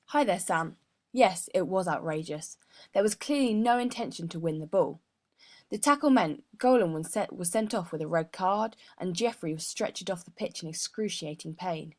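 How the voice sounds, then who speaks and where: A woman's voice: lowish voice, lively intonation, normal speed. A young woman as a sports psychologist guest, giving an earnest prepared explanation with frequent mid-word restarts. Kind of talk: prepared explanation in a mock interview.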